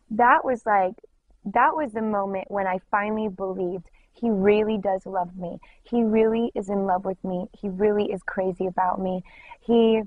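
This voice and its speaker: A woman giving an emotional personal faith testimony, speaking in halting bursts full of "like". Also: medium pitch, dry recording. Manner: emotional, halting, many "like" fillers. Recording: music bed under voice. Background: clear music.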